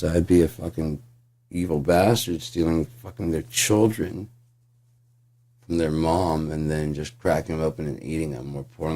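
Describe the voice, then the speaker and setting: A man's voice: very deep voice, warm tone. A man ranting in a casual, profane, sarcastic monologue as a channel host.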